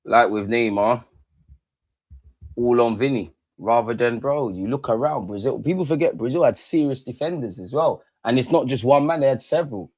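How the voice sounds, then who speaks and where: Excitable man reacting to football. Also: mid-range voice, normal speed. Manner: excitable, swears a lot, shouts at goals; mutters quietly to himself between outbursts. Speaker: watch-along host. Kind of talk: live football watch-along reaction.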